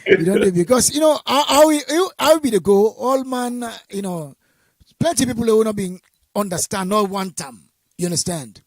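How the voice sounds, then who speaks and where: A Sierra Leonean man hosting an online talk show, speaking haltingly as he searches for words. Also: high-pitched, lively intonation, dry recording. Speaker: host.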